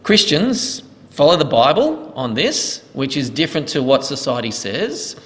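A man's voice: on the high side, very animated, measured pace. A man leading a question-and-answer teaching session as pastor, explaining answers earnestly. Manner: earnest, explanatory, thanks each asker. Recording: reverberant hall.

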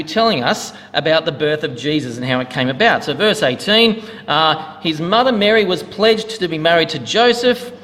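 A male minister with a fairly high, pushed and bright voice preaches a sermon in a church hall, opening with a joke and keeping a conversational tone. The recording carries a long hall reverb.

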